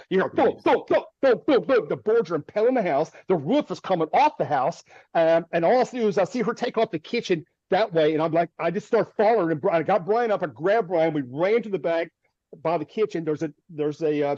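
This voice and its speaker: A man appearing as a storm chaser guest on a video call tells an animated story full of vivid detail, stumbling into restarts and nervous little laughs. His high voice is a little mellow, captured in dull, dry, lo-fi audio.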